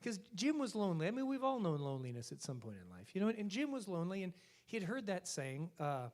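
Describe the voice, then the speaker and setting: A bandleader and singer fronting a swing band jokes and chats with the crowd at a church concert, talking from the church stage. His voice is on the high side and fast, and he comes across as a joking, animated storyteller in this live banter.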